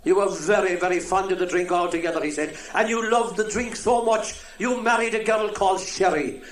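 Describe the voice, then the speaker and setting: A man with a Cork Irish accent telling jokes to a live audience, jumping into high shouted voices for the people in his jokes. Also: brisk, a little hiss or hum. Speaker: comedian. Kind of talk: live stand-up joke telling. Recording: echoey live venue with laughing crowd, worn tape copy.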